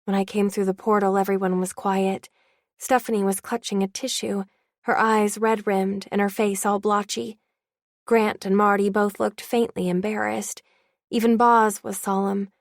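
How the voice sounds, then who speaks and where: A young woman narrates an audiobook in first person with a wry, confiding tone. Her mid-pitched voice carries a gravelly edge, recorded close and dry. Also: flat delivery, normal speed, no echo. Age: young adult.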